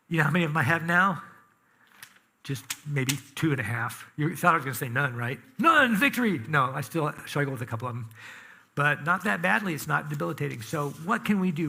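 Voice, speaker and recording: Male pastor, fairly high voice, casual and emphatic from the pulpit, draws the congregation into the sermon. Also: sharp tone. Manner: conversational, emphatic, asks the congregation questions. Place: church sanctuary.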